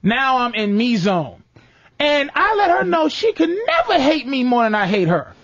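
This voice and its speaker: A man hosting a comedy podcast, telling stories in a profane, animated rant. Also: extremely high pitch, normal speed, no room sound. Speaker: podcast host. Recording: dull lo-fi dry sound.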